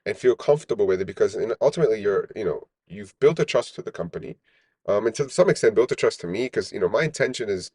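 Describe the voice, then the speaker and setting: A low-pitched man speaks as a podcast guest, explaining his work in a loose, rambling way and checking in with "right?" again and again. The sound is dry and close, with no room echo. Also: expressive, fast, a little mellow, husky. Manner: rambling, frequent "right?" tags and restarts. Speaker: startup founder, guest. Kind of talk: casual podcast interview.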